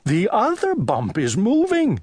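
A man voicing a fussy, kindly little male owl in a children's audiobook, in a high, excitable, sing-song voice. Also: slow pace, a little hiss or hum. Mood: worried.

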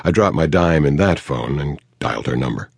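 A man narrating a detective novel in the first person, measured, dry and matter-of-fact. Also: rumbling low, expressive, vocal fry, slightly rough, no echo. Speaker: audiobook narrator.

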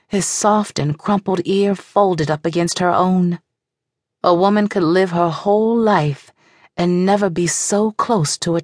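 A woman narrating a novel in a measured, even storytelling manner. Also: on the low side, no echo, studio quality. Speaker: audiobook narrator. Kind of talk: scripted audiobook narration.

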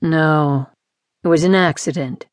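A woman voicing a surly, gruff man who works as a mixer, speaking curtly in an audiobook. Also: low voice, measured pace, dry recording, studio quality. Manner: curt, grumbling.

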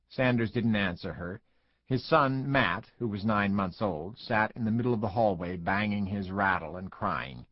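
Husky man narrating a thriller audiobook. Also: fairly low pitch, normal speed, no room sound, dull audio. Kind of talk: scripted narration.

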